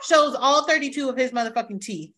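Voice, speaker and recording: A woman's voice: high-pitched, a little fast, pushed and bright. A woman hosting a podcast in casual chat, blunt and emphatic, swearing freely and acting out what others said. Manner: blunt, emphatic and profane, acts out quotes. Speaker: podcast host.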